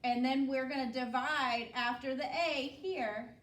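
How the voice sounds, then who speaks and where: A woman's voice: high voice, fairly even intonation, unhurried, a bit bright. A woman teacher leading a spelling lesson, patient and instructive, checking in with "okay?" after each step. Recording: echoey room, voice from a distance.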